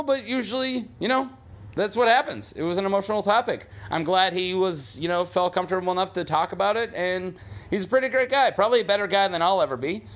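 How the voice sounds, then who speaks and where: A man's voice: high voice, fairly bright tone. Rambling casual podcast host, a man. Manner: loose and rambling, many fillers and restarts. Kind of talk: casual chat. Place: basement studio.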